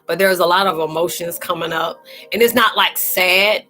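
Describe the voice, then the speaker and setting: A woman's voice: lowish voice, steady tone, moderate pace, bright, forceful tone, faint music behind, poor audio. A woman hosting a live-stream spiritual chat, close to tears and speaking earnestly and colloquially to her viewers by name. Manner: colloquial, fillers and restarts, calls listeners sweetie.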